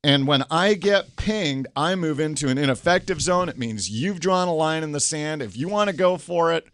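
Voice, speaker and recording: A middle-aged man hosting a talk, coaching through conflict with animated stories and acted quotes. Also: a little high, normal speed, no echo. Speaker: host and coach. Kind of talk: casual talk show conversation.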